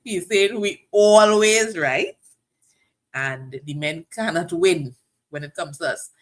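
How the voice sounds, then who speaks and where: Animated woman addressing her viewers. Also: lowish voice, slow. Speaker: co-host of a live marriage talk show. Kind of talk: casual chat.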